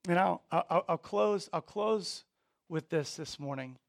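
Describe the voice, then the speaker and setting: A man preaching a sermon, earnest, often repeating words and swinging from quiet to emphatic. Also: high voice, unhurried, vocal fry, dry recording, clean studio sound. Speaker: pastor.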